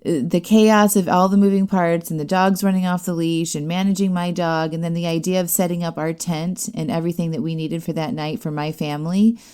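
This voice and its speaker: A woman in her thirties hosting a podcast, telling a personal story in a chatty, animated way with many fillers. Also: lowish voice, fairly quick, hardly any pauses, clean tone. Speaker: podcast host. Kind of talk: casual storytelling monologue.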